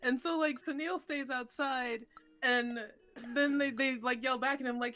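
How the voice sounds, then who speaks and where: A woman chatting with friends and recounting a tabletop game session, rambling through fillers and false starts. Her voice sits somewhat high. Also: fairly even intonation, measured pace, pushed and bright, soft background music. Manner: rambling with many fillers and restarts. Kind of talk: casual chat retelling a tabletop game.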